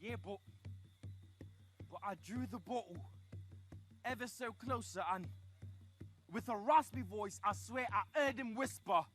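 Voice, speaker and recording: A man performing a comic story, chatty and animated, swinging from hushed asides to loud outbursts. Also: sits high, unhurried, pauses often, music in the background.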